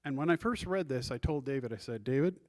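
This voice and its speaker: A man's voice: mid-range voice, expressive, quick pace, darkish tone. A man preaching a sermon as pastor, reading scripture aloud and guiding the congregation through the text. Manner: teaching, reads scripture aloud and directs the congregation.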